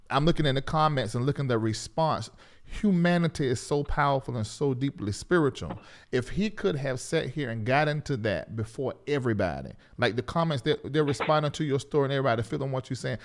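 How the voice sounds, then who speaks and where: A man hosting a live talk show, chatting casually in an animated, laughing, exclamatory way. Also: mid-range voice.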